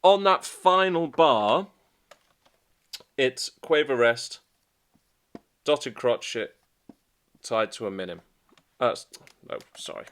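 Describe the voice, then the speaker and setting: A man teaches a guitar piece in a relaxed, chatty manner, using fillers as he explains and counts out the beats. His mid-range voice moves slowly, with long pauses. It's casual instructional talk.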